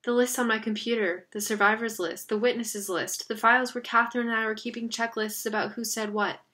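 A worried teenage boy in an audiobook, his voice cracking as he frets, as a woman narrator puts him on. He sounds desperate and close to hysteria, talking fast about what went wrong. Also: a little high, fairly even intonation, pushed and bright. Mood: anxious. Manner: distraught, voice cracking. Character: anxious teenage boy on the phone, panicky.

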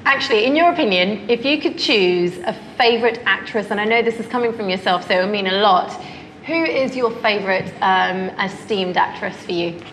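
A British woman co-hosting a talk show, firing quick questions at guests with a bubbly, laughing manner. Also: mid-range voice, fairly bright tone, slight background noise. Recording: roomy studio with long reverb.

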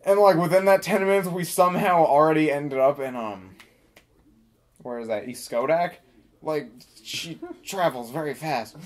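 A young man telling a story casually, rambling with many fillers and deadpan asides. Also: a little high, normal speed.

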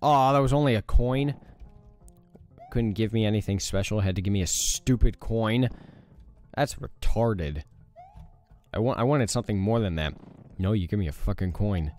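A young man giving casual let's play commentary, reacting loudly to the game, groaning and swearing. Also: lowish voice, brisk, soft background music. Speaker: gaming YouTuber.

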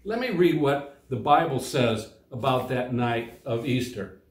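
A man's voice: mid-range voice, animated, a little slow. A man teaching young children a Bible lesson, reading scripture and explaining it in simple words. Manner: simple, plain explanations for kids, reads quoted lines with lifted voice. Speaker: children's Sunday school teacher. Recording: echoey room.

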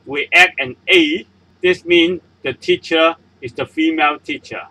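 Male teacher, unhurried, fairly high voice, step-by-step lesson. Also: bright, forceful tone, rough recording. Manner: patient, explains word by word with examples. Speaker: language teacher. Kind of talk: slow step-by-step language lesson.

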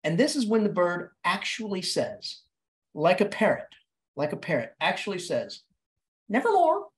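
A man lecturing as an English professor, talking in an animated, dramatic way that leaps up and down in pitch, with frequent restarts and repeated words. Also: normal speed. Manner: animated, dramatic delivery with sudden pitch jumps. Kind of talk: literature lecture.

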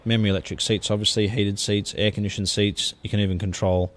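A man's voice: fairly low pitch, level tone, fast. A man giving a gushing car-sales walkaround as a dealer. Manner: enthusiastic, gushing sales talk.

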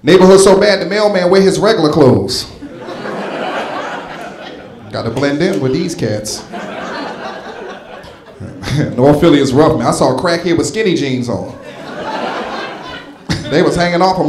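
A comedian from North Philadelphia, USA performs live in a club, his animated voice on the high side at a normal speed with long pauses. He speaks directly and punchily to the crowd, and the roomy recording picks up their laughter.

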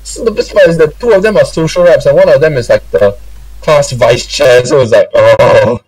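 A man's voice: medium pitch, moderate pace, a little mellow, dry recording. A young man hosting a casual storytime chat. He laughs often, swears casually and drops Singlish particles into his speech. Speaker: storytime podcast host. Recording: dry sound from a distant mic.

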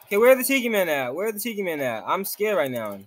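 A man's voice: high voice, very animated, fast. A man giving jumpy gameplay commentary, exclaiming often and reading game text aloud. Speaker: game streamer.

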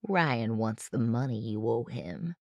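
A narrator voicing a menacing young male thug who talks slowly and low, in an audiobook. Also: dry recording, lo-fi sound. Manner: slow, low and threatening. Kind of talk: audiobook character voice.

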